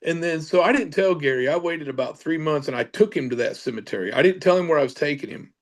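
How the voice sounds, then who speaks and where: A man's voice: fairly high pitch, expressive, fast talker. A middle-aged man, a paranormal investigator, telling a casual story with many fillers and restarts.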